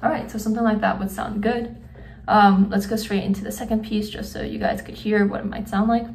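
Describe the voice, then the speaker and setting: A woman's voice: medium pitch, fairly quick, gravelly, recorded from a distance. Young woman teaching a drum part. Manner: counts beats aloud while drumming; relaxed, many fillers. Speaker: student drum instructor. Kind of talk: casual instructional demo. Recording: echoey room, off-mic, faint noise.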